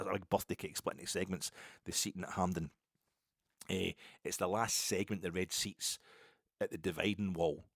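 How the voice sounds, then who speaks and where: A man's voice: low voice, no echo, clean studio sound. An older Scottish man hosting a podcast, telling a self-deprecating story in a rambling, casual way with many restarts. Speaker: podcast host.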